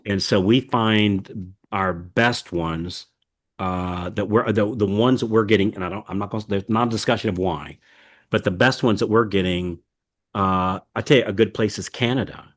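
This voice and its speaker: Folksy low-voiced American man. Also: fairly even intonation, moderate pace. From United States. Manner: rambling, folksy, many fillers and restarts. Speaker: podcast host. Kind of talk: casual podcast chat.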